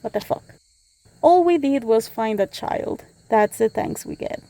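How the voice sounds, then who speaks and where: A woman's voice: fairly high pitch, expressive, unhurried, warm tone. A woman commenting on gameplay and reading its dialogue aloud, with blunt, swearing asides. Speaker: gameplay streamer.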